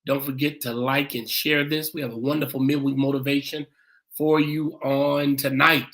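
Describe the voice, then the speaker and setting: A pastor hosting a church livestream, greeting viewers by name and repeating "come on in" in a casual, welcoming way. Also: male voice, mid-range voice, little pitch movement, moderate pace, fairly bright tone.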